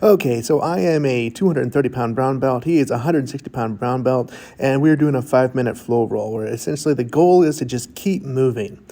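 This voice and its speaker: A man's voice: medium pitch, brisk, few pauses, dark tone. A middle-aged man casually narrating his own jiu-jitsu roll in a voice-over, goofy and self-mocking, chatting through each move.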